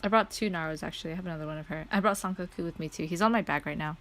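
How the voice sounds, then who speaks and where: A young adult woman streamer telling a story in a casual chat. She is excitable, laughs often and says "like" a lot. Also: lowish voice, racing, soft background music.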